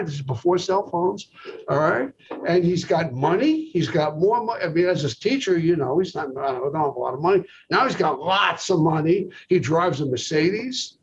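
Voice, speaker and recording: A man, a psychologist being interviewed, telling a long anecdote and checking in often with "okay". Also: high-pitched. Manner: storytelling, peppered with "okay". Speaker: psychologist guest. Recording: dull lo-fi recording with faint noise.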